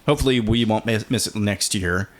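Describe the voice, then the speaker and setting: A man in his thirties co-hosting a podcast in a relaxed, casual chat, with many fillers and restarts. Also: on the low side, fairly quick. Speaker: podcast co-host.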